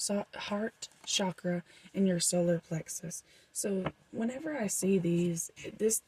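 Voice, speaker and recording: A woman's voice: lowish voice, mellow, a little hiss or hum, low-quality recording. A young woman doing a casual, rambling tarot reading for her viewers, with frequent fillers. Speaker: tarot reader.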